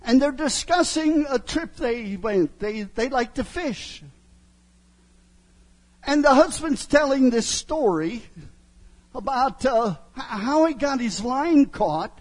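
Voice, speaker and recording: A man's voice: very high voice, lively intonation. A middle-aged male preacher giving a sermon, emphatic, often asking his listeners "huh?". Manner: slow, emphatic, asks the crowd "huh?" often.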